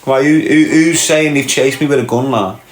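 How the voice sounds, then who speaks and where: A man's voice: medium pitch, normal speed, roomy sound. A man hosting a casual livestream, answering chat comments with brash, sweary, mocking banter.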